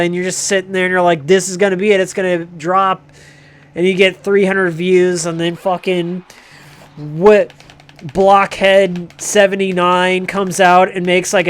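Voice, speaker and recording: A man's voice: sits high, smooth. A man hosting a livestream who rambles through a sardonic, profane comic rant. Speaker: livestream host.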